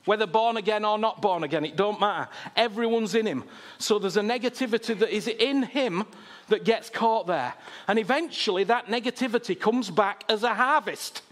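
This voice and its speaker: A man's voice: high-pitched, normal speed, a bit bright. A man preaching a sermon, impassioned and repetitive, often asking "you understand me?".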